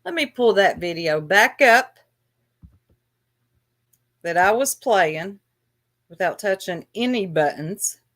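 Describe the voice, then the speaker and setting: A woman's voice: medium pitch, expressive, slow, long pauses, fairly bright tone. A woman vlogger ranting on a livestream in a taunting, sarcastic way. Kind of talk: livestream rant.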